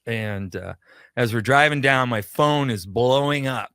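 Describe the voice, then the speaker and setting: A man's voice: medium pitch, unhurried, a bit bright, clear, resonant tone, dry recording, clean studio sound. A man who is a guest on a radio talk show, telling a long personal story in a chatty way and acting out the dialogue. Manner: chatty anecdotal storytelling, acts out quoted dialogue. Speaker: guest, pop culture shop owner.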